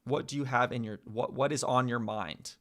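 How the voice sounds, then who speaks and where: A young man thinking aloud as he studies a language, correcting himself and slowly sounding out foreign words. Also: medium pitch, fairly even intonation, a bit bright. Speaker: vlogger learning a language. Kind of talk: casual thinking-aloud study session.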